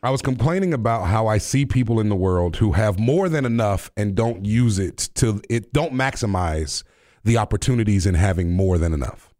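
A man's voice: on the low side, animated, normal speed, a little mellow, dry recording, studio quality. A young man hosting a radio talk show in casual, playful chat, laughing often and joking about himself. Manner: playful, laughs often, jokey self-mocking asides.

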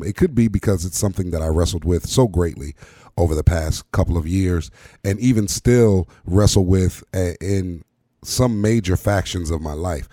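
Deep, mellow man giving an emphatic pep talk. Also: moderate pace, no echo, studio quality. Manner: emphatic, preacherly, repeats words for effect. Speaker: podcast host. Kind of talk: motivational monologue.

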